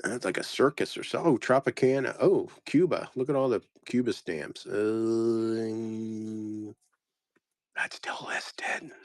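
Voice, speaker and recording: Sorting postcard lots, a male reseller keeps up a casual commentary, mumbling each place name in turn before trailing away. He speaks in a mid-range, expressive voice at a moderate pace, barely pausing. It's clean studio audio without any room sound.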